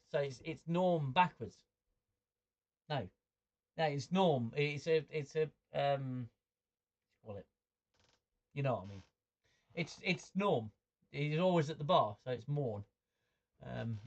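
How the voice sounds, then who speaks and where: A man's voice: fairly high pitch, expressive, a little slow, pauses often. Male livestream host, mid-range voice, chatty and stumbling, muffled lo-fi sound. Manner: stammering, repeats words while thinking; chuckles often, chatty. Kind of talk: livestream chat reading viewer comments.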